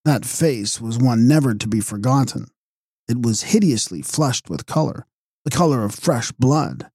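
Guy reading an old gothic novel, dark mellow voice, bit husky, super dry close sound. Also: mid-range voice, lively intonation, a little slow, no echo. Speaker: audiobook narrator. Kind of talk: scripted narration of a gothic novel.

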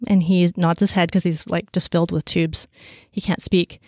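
A woman telling a story casually and with energy, with many fillers, and raising her pitch to act out the people she quotes. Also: moderate pace, no echo, studio quality. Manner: animated, acts out quoted voices at a higher pitch.

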